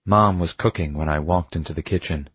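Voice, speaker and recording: A man narrating an audiobook in the first person, reading in a measured, intimate way. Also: deep voice, fairly bright tone, breathy edge, no room sound.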